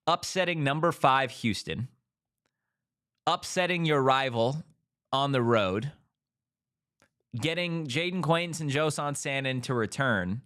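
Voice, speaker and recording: A man hosting a casual sports talk show, firing off rhetorical questions in an animated way. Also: mid-range voice.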